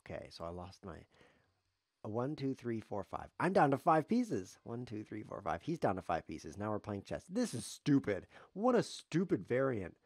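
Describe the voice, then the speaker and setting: A man's voice: on the low side, darkish tone, no echo, clean studio sound. Sarcastic man narrating his chess game. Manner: sarcastic, self-mocking, grumbling. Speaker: chess streamer and commentator. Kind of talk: live-stream chess commentary while playing.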